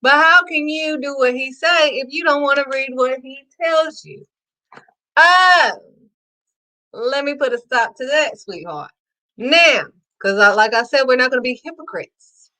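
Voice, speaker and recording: A woman hosting her own faith talk show, excitedly preaching to her viewers and calling them sweetheart. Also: on the high side. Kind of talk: casual preaching to camera.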